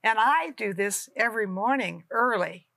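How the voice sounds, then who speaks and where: A woman's voice: fairly high pitch, lively intonation, normal speed, creaky, bright, forceful tone, dry recording. A woman co-hosting a faith talk show who encourages viewers in an exhorting way. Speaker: co-host.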